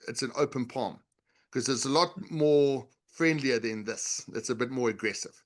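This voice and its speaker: A man's voice: medium pitch, moderate pace. Man explaining body language, instructive. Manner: instructive, uses examples and demonstrations. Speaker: guest, body language author and leadership coach. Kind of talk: explanatory interview talk.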